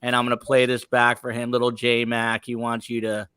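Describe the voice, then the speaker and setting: A man hosting a live podcast, reading viewer comments aloud in a brisk, upbeat, chatty way. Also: mid-range voice, monotone, sharp tone, smooth, dry recording. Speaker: podcast host.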